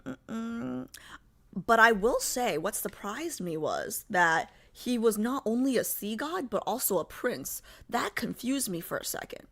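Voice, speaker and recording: A young woman hosts a livestream, chatting casually with her viewers in a rambling way full of fillers. Her voice sits a little high, with a bright, forceful tone.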